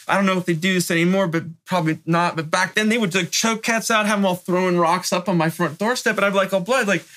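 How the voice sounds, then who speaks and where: A man from Northern California tells his story in a bright, slightly high voice. He speaks in rough street slang and loose, animated asides, and he keeps checking in with "right?" as he goes. He sounds like a middle-aged interview guest spinning a yarn. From North Bay, California.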